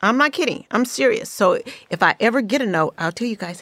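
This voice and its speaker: A woman's voice: on the high side, lively intonation, brisk, fairly bright tone, no room sound. A middle-aged woman from the Bay Area hosting a podcast, telling personal stories in casual, candid, profane chat. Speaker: podcast host.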